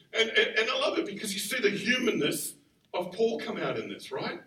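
A man preaching a sermon in a conversational, animated way, acting out the quotes he tells. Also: high-pitched, moderate pace. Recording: roomy sound from far off the mic.

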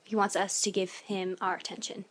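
A woman's voice: mid-range voice, flat delivery, brisk. A woman co-hosting a faith podcast, carefully explaining scripture terms with dictionary definitions and everyday examples. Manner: careful, reads dictionary definitions aloud, uses fillers. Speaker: podcast co-host. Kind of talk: explaining Bible verses on a podcast.

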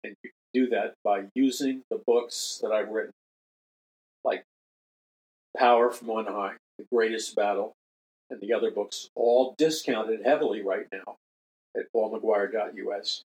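A man's voice: on the low side, steady tone, unhurried, darkish tone, poor audio. An older man hosting a religious talk radio show, speaking emphatically, repeating key phrases and making earnest appeals to listeners. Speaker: radio show host and minister.

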